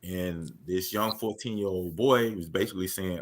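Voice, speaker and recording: A man co-hosting a podcast, earnestly recounting news events in a measured, detailed way. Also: low voice, expressive, pushed and bright. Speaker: podcast co-host. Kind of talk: casual discussion of news.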